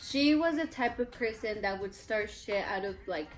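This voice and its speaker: A woman's voice: mid-range voice, expressive, normal speed, faint music behind, low-quality recording. A young woman from Mexico with a Mexican accent, telling a story casually on a vlog, blunt and indignant and swearing freely. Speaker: vlogger. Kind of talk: casual storytelling during a mukbang.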